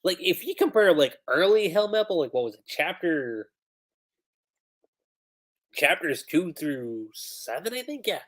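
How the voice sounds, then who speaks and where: A man's voice: fairly high pitch, sing-song, unhurried, pauses often. A man casually talking through comic events on a livestream, chatty, with lots of "like". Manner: chatty, with filler "like" and laughs. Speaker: livestream host. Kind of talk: casual fan commentary on a comic.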